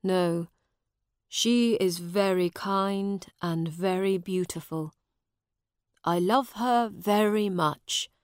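A woman doing a gentle kind soldier. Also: medium pitch, slow, clean tone, no echo, clean studio sound, natural voice. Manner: gentle, plain-spoken.

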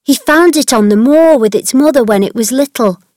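A woman voicing a cheerful, chatty and kind young female servant in a storybook reading, with a brisk, friendly manner. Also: high voice, lively intonation, a little mellow, no room sound, pitched above the performer's own voice.

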